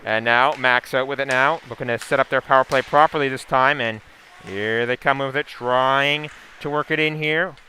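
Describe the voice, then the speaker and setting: A man giving a steady, running play-by-play call of a hockey game, with asides and sponsor plugs. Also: medium pitch, moderate pace, a little hiss or hum. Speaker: play-by-play commentator. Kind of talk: live hockey play-by-play commentary.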